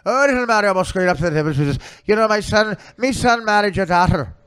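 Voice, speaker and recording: A woman's voice: mid-range voice, animated, fast talker, smooth, pitched above the performer's own voice, natural voice. A man putting on a scolding old Irish woman. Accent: Irish, put on.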